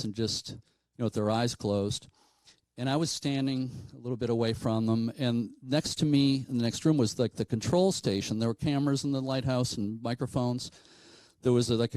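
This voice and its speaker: A man's voice: mid-range voice, a little mellow, dry recording, low-quality recording. A man from New telling a ghost story to an audience in a conversational way, with frequent fillers and asides. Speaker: paranormal speaker.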